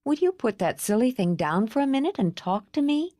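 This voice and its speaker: A woman's voice: a little high, big pitch swings, fairly quick, warm tone, no room sound, studio quality, voice pushed up. A woman playing a fiery, demanding young woman. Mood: insistent. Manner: urgent and demanding. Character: impulsive, fiery young woman, worn out from travel.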